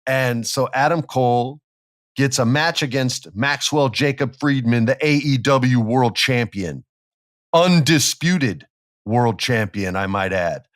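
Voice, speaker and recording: A man's voice: mid-range voice, unhurried, no echo, studio quality. A man hosting a casual wrestling podcast, telling stories with acted-out quotes and sound effects. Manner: animated storyteller who acts out quotes and sound effects. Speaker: podcast host.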